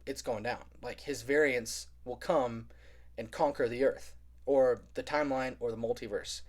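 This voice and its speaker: A young man casually recapping a film plot in a spoiler review, rambling and full of filler words. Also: medium pitch. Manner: rambling, heavy use of "like", animated retelling.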